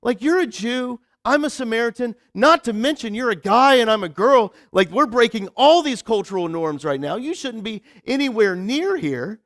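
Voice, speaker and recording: A man's voice: very high voice, expressive, normal speed, few pauses, a bit bright, no echo, studio quality, voice pushed up. A man doing a fed-up, dismissive woman at a well. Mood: exasperated. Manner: exasperated, dismissive, casual modern slang.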